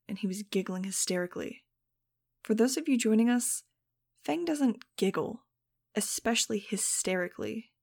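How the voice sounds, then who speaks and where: A woman's voice: medium pitch, vocal fry, warm tone. A woman narrating an audiobook in the first person, in a wry, sardonic tone.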